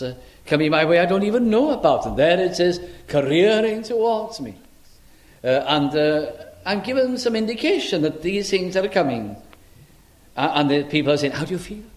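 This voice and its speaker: An older man preaching a sermon, unhurried and reflective, slowing right down to stress lines of scripture. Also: on the high side. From Wales. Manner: unhurried, reflective, with dramatic slow emphasis on scripture.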